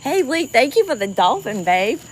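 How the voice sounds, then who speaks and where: A high-pitched woman with a South Louisiana Cajun accent chats casually with viewers, her pitch swinging widely at a moderate pace. She's hosting a livestream outdoors by a swamp river at night, with slight background noise. Chatty and quick to laugh, she restarts often and says "y'all" a lot.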